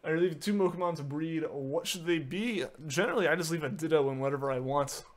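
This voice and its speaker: A man's voice: on the high side, brisk. A man streaming a game, chatting casually and answering viewer messages, often using filler words and restarting his sentences. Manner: filler-heavy, many "like"s and restarts. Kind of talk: casual live-stream chat.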